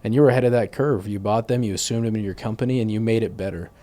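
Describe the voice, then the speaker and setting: A man's voice: on the low side, very fast, warm tone. A man, a sales manager, talking as a guest in a conversation, earnestly explaining and praising a partner's work. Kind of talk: casual interview conversation.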